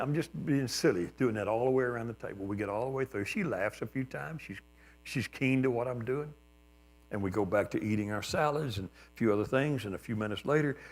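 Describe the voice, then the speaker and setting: An older man, a pastor, telling a personal story in a sermon, reflective and plain-spoken with gentle humor. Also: on the low side, brisk.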